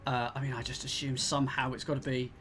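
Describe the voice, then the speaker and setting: A man's voice: mid-range voice, flat delivery, fast talker. A man hosting a casual let's-play, talking himself through each puzzle move in a muttering way. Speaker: game host. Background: background game music.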